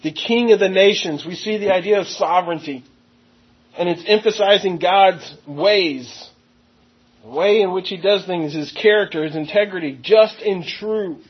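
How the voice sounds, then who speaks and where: High, husky-voiced man preaching a sermon. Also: muffled recording. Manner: teaching verse by verse, stressing key words; slows to read scripture aloud. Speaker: pastor.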